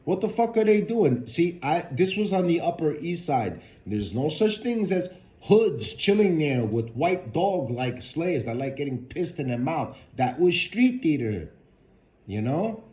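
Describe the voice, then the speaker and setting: A man's voice: fairly high pitch, big pitch swings, a little slow, darkish tone. A man ranting to camera in a vlog, profane and emphatic, repeating his points. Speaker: vlogger. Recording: dull lo-fi sound.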